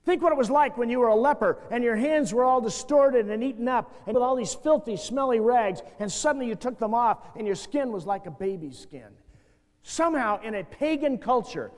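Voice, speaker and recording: High-voiced man preaching in a hall. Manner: animated storyteller who acts out quoted voices. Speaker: seminar speaker for youth workers. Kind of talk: impassioned seminar talk. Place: large church hall with audience. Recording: reverberant hall, glitchy VHS tape transfer.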